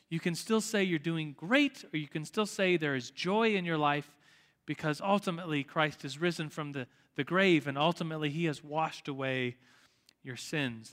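A man with a bright, fairly high voice leads a church class in relaxed, rambling talk, often restarting his sentences. His voice rings out with a long hall reverb. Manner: chatty, with frequent "like" fillers and restarts. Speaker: Sunday school teacher. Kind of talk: informal church class teaching, closing in prayer.

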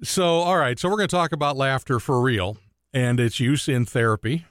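A man's voice: mid-range voice, moderate pace, a bit bright, clean tone, no echo, studio quality. A man hosting a Christian radio talk show, bantering and telling dad jokes. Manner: joking, playful banter. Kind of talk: casual chat with dad jokes.

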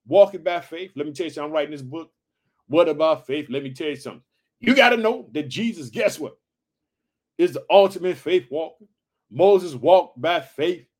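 Fervent high-voiced male preacher. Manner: exclamatory, repeats "boy" and "hallelujah", swings loud and soft. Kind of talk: Bible reading with fervent commentary.

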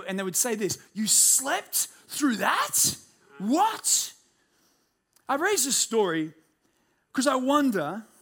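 A high-pitched man preaches a sermon. He tells stories with lively humor and an animated delivery. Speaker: pastor.

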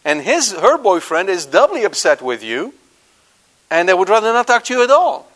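A man preaching to a live congregation, animated, questioning the audience and swinging between loud emphasis and quiet asides. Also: high voice, normal speed. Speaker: Catholic preacher.

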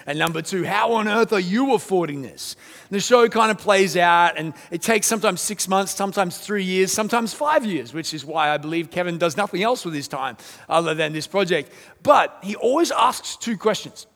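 A man preaching a sermon as pastor, telling stories with lively, acted-out quotes. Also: high-pitched, normal speed. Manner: animated storytelling, acts out quoted voices. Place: church auditorium. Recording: church hall reverb.

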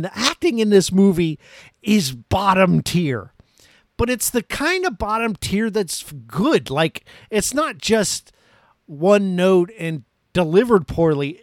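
A man's voice: sits high, no room sound, studio quality. A man hosting a podcast, reviewing a movie in a casual, rambling, self-mocking way. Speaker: podcast host.

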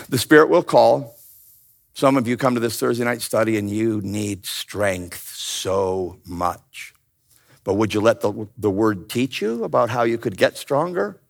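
A man teaching a Bible study in a lively, joking way, often calling on his listeners to answer. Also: on the high side. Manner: animated, playful, calls out to the audience. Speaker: pastor.

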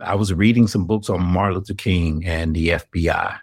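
Man, guest storyteller, animated, voices quoted people, dry close sound. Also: low voice, normal speed, breathy edge, dry recording. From Atlanta, US South. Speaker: investigative reporter, guest. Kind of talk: storytelling in a podcast interview.

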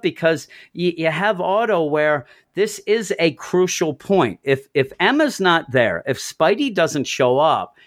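A man casually discussing comics on a podcast, enthusiastically retelling scenes and quoting the characters' lines. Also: a little high. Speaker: comic book podcast host.

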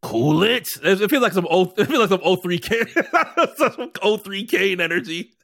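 Lively high-voiced joking man. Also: moderate pace, no room sound. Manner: animated, joking, laughs often. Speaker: podcast co-host. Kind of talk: casual podcast chat.

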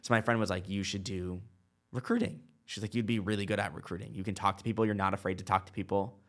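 A man's voice: fairly low pitch, steady tone, quick pace, fairly bright tone. A man in his twenties telling a long personal story in casual chat, full of "like" and quoted dialogue. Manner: chatty, lots of "like" and quoted dialogue. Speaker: guest.

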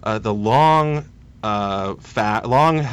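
A man in his thirties speaks as a policy guest on a radio interview. His voice is smooth and resonant, and he talks haltingly, stopping and restarting his sentences as he searches for words. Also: on the low side, a bit bright. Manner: hesitant, halting, many restarts.

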